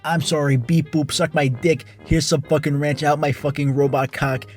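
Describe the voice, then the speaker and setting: A man voicing a rude, foul-mouthed robot waiter who trades deadpan insults. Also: fairly high pitch, moderate pace, faint music behind, natural voice. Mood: crude.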